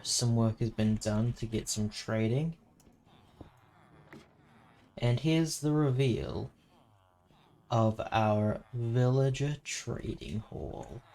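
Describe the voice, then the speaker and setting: A man's voice: lowish voice, darkish tone, rough recording. A man narrating his own gaming vlog in a playful, jokey salesman manner. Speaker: Minecraft server video creator.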